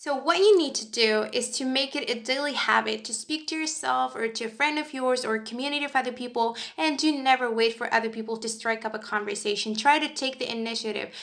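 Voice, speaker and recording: Gravelly-voiced woman teaching pronunciation. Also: a little high, fairly bright tone. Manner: clear, emphatic, demonstrates word stress slowly. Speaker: English teacher. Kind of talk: scripted lesson narration.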